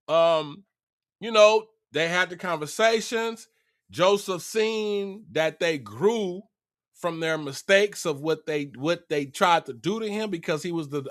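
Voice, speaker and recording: Slangy guy retelling a bible story, high bright voice, super casual. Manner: slangy, animated, profane.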